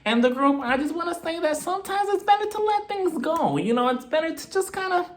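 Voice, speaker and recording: A man doing a high, soft impression of a preachy woman reality star giving calm advice. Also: a little fast.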